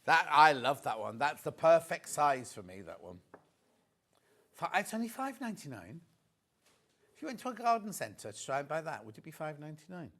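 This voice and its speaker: A man in his sixties presents live from a TV studio on a shopping channel, speaking in a slightly high voice at a moderate pace. He's chatty and animated, telling anecdotes as he goes.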